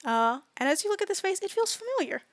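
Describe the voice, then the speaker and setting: A woman's voice: very high-pitched, big pitch swings, fast, no echo, clean studio sound. A woman game master casually narrating a tabletop game, with many fillers in her descriptions.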